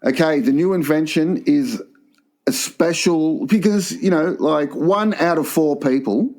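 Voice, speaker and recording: A man's voice: on the high side, measured pace, a little mellow, faint music behind. A man co-hosting a crude comedy podcast, telling rambling stories. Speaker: podcast co-host. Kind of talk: casual comedy chat.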